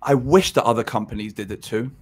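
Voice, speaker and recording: A man's voice: medium pitch, fast talker. A man hosting a podcast, talking in a rambling, enthusiastic way with casual swearing. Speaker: podcast host.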